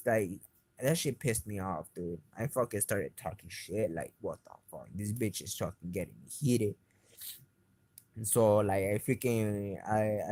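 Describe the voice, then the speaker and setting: A man's voice: medium pitch, a little mellow. A man tells a rambling story, swearing heavily and sounding agitated. His voice sits in a middle register. The sound is dry and close, with no room echo. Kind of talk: casual first-person account.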